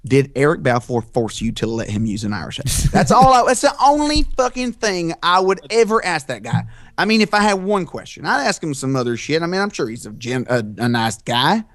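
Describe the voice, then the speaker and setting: A man's voice: on the high side, fairly quick, no echo, studio quality. A man co-hosting a casual podcast chat, ranting with lots of swearing. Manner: profane, ranting, animated. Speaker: podcast co-host.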